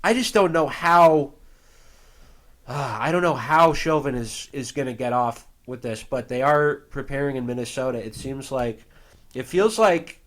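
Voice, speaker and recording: An American podcast co-host with a mid-range, fairly bright voice speaks a little slowly. He chats casually and rambles, with plenty of fillers and restarts.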